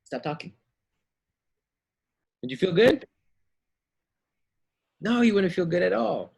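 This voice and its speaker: Husky man teaching kids Bible class. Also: high voice, very animated, a little slow, darkish tone. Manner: acts out story voices, asks kids questions. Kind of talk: children's Bible lesson.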